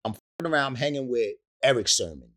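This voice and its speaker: A man's voice: medium pitch, expressive, fairly quick, fairly bright tone, a little hiss or hum. A man in his fifties, a rapper being interviewed, telling a long anecdote in casual slang. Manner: slangy, acts out other people's voices in quotes. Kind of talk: animated storytelling anecdote.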